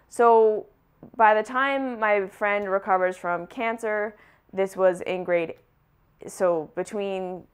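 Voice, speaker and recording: A woman's voice: fairly low pitch, clean tone. A young adult woman telling her personal story to camera in a candid, conversational way, full of casual fillers. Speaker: wellness vlogger.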